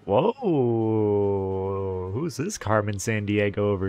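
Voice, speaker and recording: Gravelly-voiced man joking through a game. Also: lowish voice, normal speed, faint music behind. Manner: joking, swears, laughs often. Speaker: streamer. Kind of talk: casual gaming commentary.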